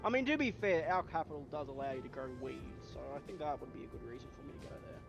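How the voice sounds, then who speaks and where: A man's voice: fairly high pitch, big pitch swings, fast talker, creaky, loud music behind the voice. An Australian man chatting casually with friends during a game, blunt and swearing constantly. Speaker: gamer in voice chat. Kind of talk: casual chat.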